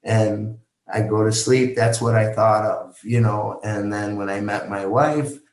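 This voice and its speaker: A man guest on a podcast, slowly retelling a deeply personal story with halting restarts and quoted dialogue. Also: fairly even intonation, echoey room, slight background noise, low-quality recording.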